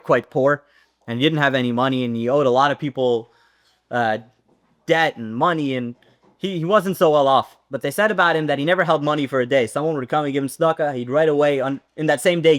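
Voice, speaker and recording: A man teaching a Torah class, telling a story with lively acted-out dialogue. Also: medium pitch, a little fast. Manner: animated storyteller, acts out dialogue.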